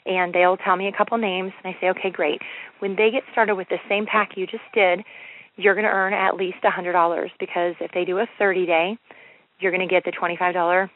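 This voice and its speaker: A woman speaking on a training conference call, upbeat and energetic, repeating herself and acting out sample sales scripts. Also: lowish voice, fairly quick, dry recording. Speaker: network marketing leader on a training call. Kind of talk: motivational conference-call talk. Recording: tinny phone line, dry.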